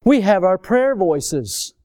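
A man's voice: sits high, very animated, takes it slowly, dark tone, no room sound, clean studio sound. A man pastor delivering a sermon in a folksy, emphatic way, drawing out stressed words.

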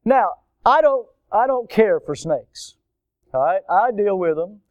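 A man's voice: high-pitched, measured pace, no room sound, highs cut off. A man from Florida preaching a storytelling sermon, acting out the voices in his story. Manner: animated storyteller, acts out voices.

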